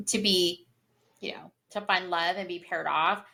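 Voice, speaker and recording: A woman's voice: on the low side, a little slow, vocal fry. A woman co-hosting a book review, chatting casually and gushing, with lots of "like" fillers. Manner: gushing, animated, many "like" fillers. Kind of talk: casual chat.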